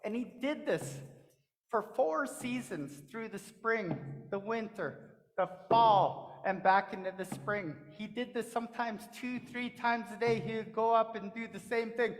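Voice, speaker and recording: A woman storyteller telling a traditional tale during a church service in a rhythmic, repetitive way, with pauses. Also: fairly high pitch. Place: church sanctuary. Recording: long echo of a church hall.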